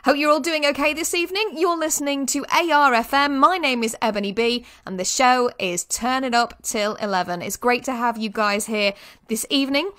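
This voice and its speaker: A woman's voice: high-pitched, normal speed, a bit bright. A woman presenting a rock radio show and interviewing a band.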